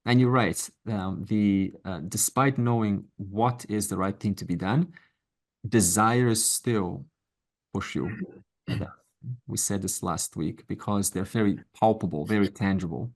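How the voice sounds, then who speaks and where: A man's voice: fairly low pitch, measured pace. A middle-aged man teaching a Vedanta class online, speaking conversationally and encouragingly, with asides and quoted voices. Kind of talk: informal lecture to an online class.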